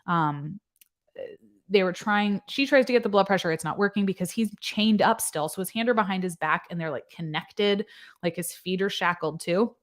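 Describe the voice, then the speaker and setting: A woman's voice: medium pitch, moderate pace. A woman nurse giving casual commentary, explaining medical points in plain, conversational terms. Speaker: nurse reacting to a news case.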